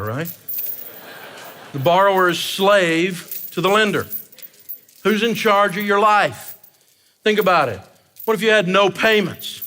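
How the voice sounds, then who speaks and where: A man giving a live seminar talk on personal finance in an energetic, joking, animated way. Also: high-pitched, slight background noise.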